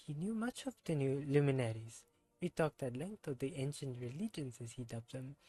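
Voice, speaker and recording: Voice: medium pitch, dark tone, slightly rough, no echo, poor audio. A streamer reading game dialogue in a put-on French accent as a melancholy, pious scholar, formal and mournful.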